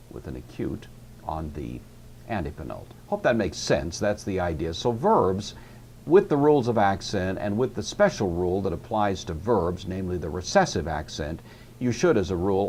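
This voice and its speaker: A man's voice: sits low, a little mellow, slight background noise. A man teaching a language class, explaining grammar rules patiently and with frequent filler words. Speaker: Greek teacher. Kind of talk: recorded classroom lecture.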